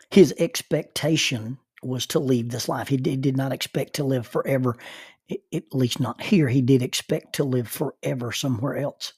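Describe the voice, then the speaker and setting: Middle-aged male minister, mid-pitched and husky, halting storyteller, dry close recording. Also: darkish tone, dry recording. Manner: halting, repeats words when starting. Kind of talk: personal storytelling talk.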